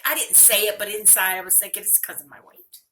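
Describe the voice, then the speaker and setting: An older woman speaks straight to her viewers in a personal video, candid and earnest. Her voice is bright, and the talk feels close and confessional. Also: medium pitch, quick pace, a little hiss or hum. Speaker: vlogger.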